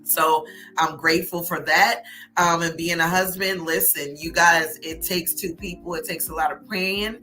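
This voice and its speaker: Woman talk-show host, bright, forceful, preachy motivational delivery, faint music behind. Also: fairly low pitch, fairly even intonation, normal speed. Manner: preachy, motivational, speaks of God and manifesting. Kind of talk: casual talk show, encouraging.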